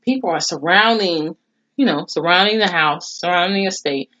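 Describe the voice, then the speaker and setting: A woman casually recapping a TV episode in a blunt, expressive way, swearing freely. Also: lowish voice, normal speed. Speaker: TV show reviewer. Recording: dull lo-fi recording.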